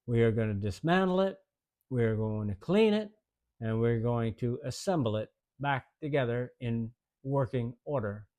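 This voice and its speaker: A man's voice: medium pitch, animated, normal speed, darkish tone, natural voice. Older man doing a stern drill sergeant, clipped, commanding, mid voice.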